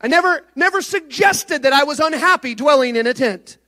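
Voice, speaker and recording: A male pastor preaching a sermon, moving between soft, low passages and loud, rising exhortation. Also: expressive, a little fast.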